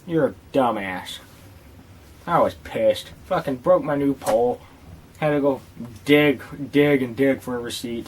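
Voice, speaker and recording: A man telling casual vlog stories in a loose, rambling way. He swears often and jokes through his tale before moving on to a product review. His voice sits at an ordinary middle pitch. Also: a little hiss or hum. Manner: rambling, profane and joking. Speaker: tobacco dip reviewer.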